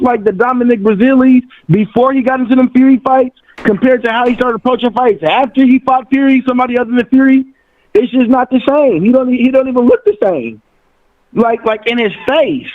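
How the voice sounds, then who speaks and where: A man calling in to a friend's show, talking in animated slang and repeating his words. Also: very high-pitched. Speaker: caller, friend of the host. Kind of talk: casual call-in chat. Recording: tinny phone line.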